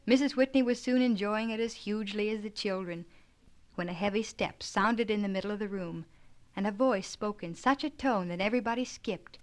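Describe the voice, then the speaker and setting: A woman narrating an audiobook of a children's classic. Her delivery is measured and storytelling, at a middle pitch for a woman. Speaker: audiobook reader. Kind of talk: scripted narration.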